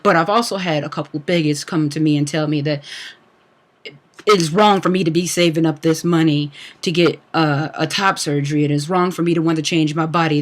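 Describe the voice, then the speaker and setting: A man's voice: fairly high pitch, a bit bright. Heated, swearing young man ranting. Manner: profane, heated, frequent fillers. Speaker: speaker on a livestream talk. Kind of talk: angry personal rant.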